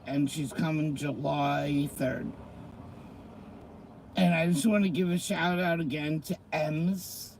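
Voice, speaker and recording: A woman's voice: sits low, darkish tone, a little hiss or hum, rough recording. A middle-aged woman, chatting emotionally to her viewers in a rambling way, close to tears. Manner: rambling, emotional, talks to commenters. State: tearful. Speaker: vlogger. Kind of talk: casual chat to viewers.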